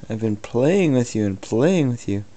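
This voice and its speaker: A man's voice: medium pitch, lively intonation, moderate pace, mellow. A man at home filming his pet cat, talking to her in a coaxing, chuckling way. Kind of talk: casual home video talk to a pet. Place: home room. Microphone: handheld camera mic.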